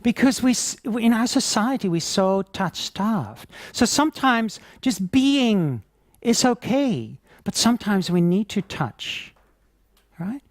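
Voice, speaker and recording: A man teaching Reiki at a conference, telling stories in a lively, laughing way and acting out scenes as he talks. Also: sits high, takes it slowly, no echo, clean studio sound. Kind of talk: conference talk with anecdotes.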